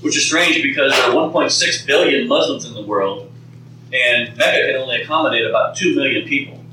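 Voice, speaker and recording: A man teaches a live group with a bright, sharp voice, putting questions to his listeners. He talks conversationally and often repeats words. He sounds distant and very echoey, with faint noise behind. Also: mid-range voice, fairly quick. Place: meeting room with an audience. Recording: very echoey room from far off.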